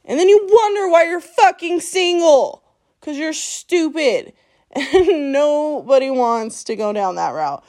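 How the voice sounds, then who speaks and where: Unhurried and warm, with a high voice and lively intonation, this woman rants on her own podcast, cursing bluntly at listeners. She scolds them in a solo episode and laughs between lines.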